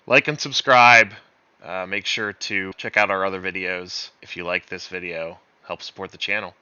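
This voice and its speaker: Animated laid-back guy chatting. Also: sits low, normal speed, clean tone, highs cut off. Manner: animated, laughing often. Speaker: co-host. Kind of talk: casual chat.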